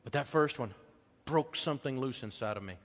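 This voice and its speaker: A middle-aged American man preaching a sermon as pastor, telling personal stories in a conversational way that swings from loud emphasis to hushed tenderness. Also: mid-range voice, lively intonation, a little fast. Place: church auditorium. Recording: long hall reverb.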